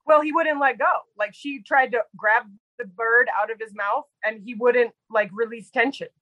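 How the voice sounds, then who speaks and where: A woman guest telling casual stories in an animated way, full of quoted dialogue and fillers. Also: fairly high pitch, moderate pace, no room sound, rough recording. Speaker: guest storyteller. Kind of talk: casual storytelling.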